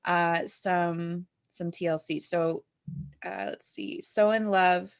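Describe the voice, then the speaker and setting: A woman's voice: lowish voice, steady tone, slow, gravelly, clean tone. A woman co-hosting a moms' group update in casual chat, talking with lots of fillers and easy laughter. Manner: chatty, with filler words and frequent laughter.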